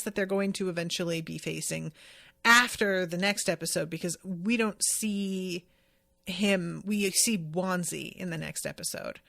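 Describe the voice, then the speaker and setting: A woman hosting a podcast, chatting about an anime episode she just watched. She rambles with lots of fillers and side notes at a middling pitch, and the recording is dry and close. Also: gravelly, fairly bright tone, dry recording. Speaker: podcast host. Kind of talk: casual chat recapping an anime episode.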